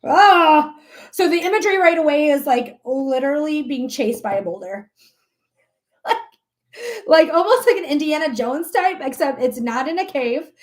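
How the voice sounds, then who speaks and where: A woman in her thirties giving a live tarot reading in a chatty, animated way, laughing often and swearing casually. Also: sits high, moderate pace. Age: 30s. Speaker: tarot reader.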